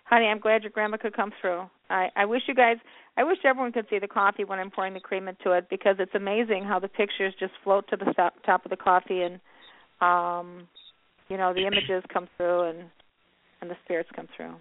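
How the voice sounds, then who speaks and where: A woman's voice: mid-range voice, little pitch movement, a little fast, no room sound. A woman hosting a call-in psychic radio show, calling her callers honey. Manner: warm, calls callers honey. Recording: tinny phone line, dry.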